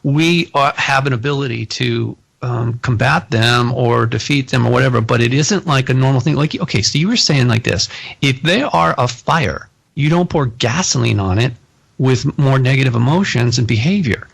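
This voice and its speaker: Male host, gravelly and husky, animated storyteller who laughs a lot. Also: medium pitch, moderate pace. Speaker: podcast host. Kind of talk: casual conversation.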